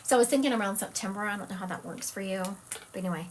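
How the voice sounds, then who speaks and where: A woman's voice: mid-range voice, rapid-fire, a little hiss or hum. A woman with a Southern US accent, a psychic medium chatting casually and rambling on a live stream. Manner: chatty, rambling, self-correcting.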